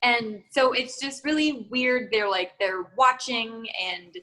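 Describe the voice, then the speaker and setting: A woman's voice: fairly high pitch, slow pace, sharp tone, rough recording. A young woman co-hosting a true-crime podcast, chatting casually, laughing often and trailing off mid-thought. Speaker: podcast co-host.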